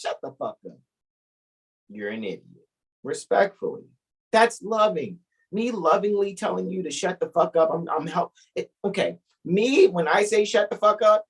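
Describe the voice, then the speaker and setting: Man, husky voice, blunt, profane, preachy podcast co-host. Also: sits high, animated, normal speed, poor audio. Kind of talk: casual podcast chat.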